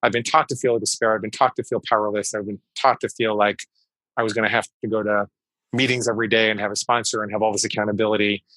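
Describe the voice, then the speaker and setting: A man's voice: fairly low pitch, flat delivery, fast talker, bright, forceful tone, dry recording, low-quality recording. A man in his fifties, a psychologist guest in an interview, explaining things emphatically and repeating key phrases. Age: 50s. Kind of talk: conversational interview storytelling.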